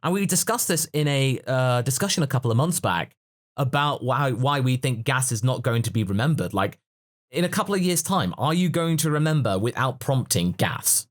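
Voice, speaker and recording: A man's voice: medium pitch, lively intonation, moderate pace. A man hosting a casual podcast discussion, musing and analytical in a chatty way. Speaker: podcast host.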